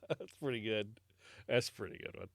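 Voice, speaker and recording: A man's voice: lowish voice, vocal fry, fairly bright tone, no room sound, clean studio sound. An American man hosting a history podcast, talking casually with many fillers and swearing. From United States. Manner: rambling, many fillers, swears casually, laughs at own jokes. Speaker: podcast host.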